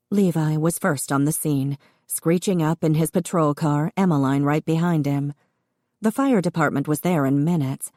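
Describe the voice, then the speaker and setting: Female audiobook narrator, low warm voice, dry close sound, steady expressive read. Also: normal speed, no room sound. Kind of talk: scripted narration.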